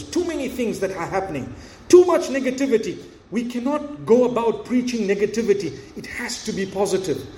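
A man preaching a sermon, telling a story and acting out the dialogue in an animated way. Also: very high voice, reverberant.

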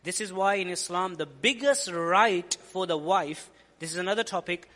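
A man's voice: high voice, normal speed, bright, forceful tone, in a large hall. A man giving an earnest, explanatory sermon-style lecture as a preacher, often repeating phrases for emphasis. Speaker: Islamic preacher.

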